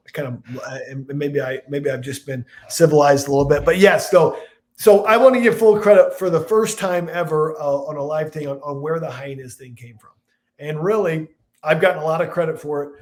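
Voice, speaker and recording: A man in his forties from Illinois, a football analyst telling stories as a podcast guest, rambling and animated. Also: fairly high pitch, brisk. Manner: animated, rambling storyteller with restarts and voiced quotes. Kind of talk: casual storytelling chat.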